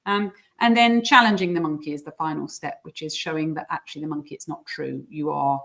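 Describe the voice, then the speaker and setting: A woman explaining coaching techniques in a casual interview, sometimes putting on squeaky voices for examples. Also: fairly even intonation, brisk, vocal fry, fairly bright tone. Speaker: guest coach.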